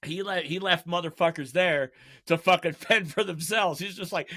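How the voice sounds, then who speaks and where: High bright-voiced man telling stories. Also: moderate pace. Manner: profane storytelling, acting out friends' lines; laughs often while telling stories. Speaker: podcast host. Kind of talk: casual chat.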